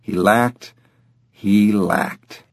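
A man reading scripted audiobook narration in a measured, even way. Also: on the low side, gravelly, no room sound, studio quality.

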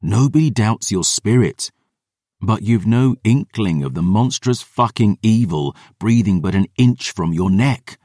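A gruff, world-weary veteran warrior, voiced by a male narrator in an audiobook, speaking bluntly and cursing freely. His voice sits very deep and rises and falls with lots of movement. The sound is close and dry. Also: animated, unhurried, warm tone, no room sound. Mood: grim. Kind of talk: audiobook character voice.

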